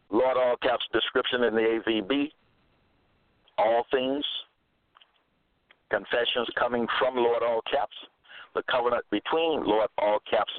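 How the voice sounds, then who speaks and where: A man giving a slow, repetitive religious monologue, halting with fillers and stressing his points. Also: on the low side, dry recording. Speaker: self-styled preacher. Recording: tinny phone-like dry recording.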